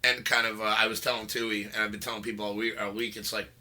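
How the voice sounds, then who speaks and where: A man's voice: fairly low pitch, little pitch movement, quick pace, sharp tone. A young man hosting a casual podcast, rambling with lots of fillers and frequent laughs. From New York. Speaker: podcast host. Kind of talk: casual chat.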